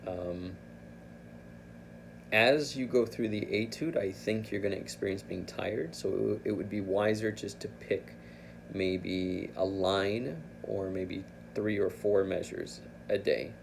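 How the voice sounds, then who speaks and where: Male flute teacher, low and gravelly, patient, self-correcting, faint hiss behind. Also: slow pace. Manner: patient, thinking aloud with restarts. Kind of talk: instructional explanation.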